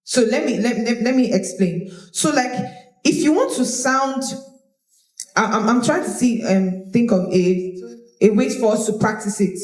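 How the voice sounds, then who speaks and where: A woman teaching public speaking to a live audience, animated and demonstrative, often repeating her words. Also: fairly high pitch, normal speed. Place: large room with audience. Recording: roomy echo of a hall.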